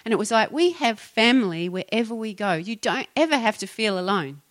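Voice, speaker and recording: A middle-aged woman pastor with a New Zealand accent chats casually on a Christian podcast, often laughing and trailing off mid-sentence. Her voice is fairly high, expressive, and fairly quick.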